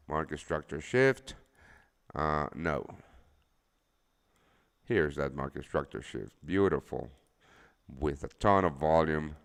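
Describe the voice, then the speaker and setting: Drowsy, low, gravelly man streaming. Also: lively intonation, takes it slowly, long pauses, in a large hall. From El Salvador. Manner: rambling, swears freely, lots of fillers. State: just woken up, drowsy. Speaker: forex trading streamer. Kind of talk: casual live-stream chat.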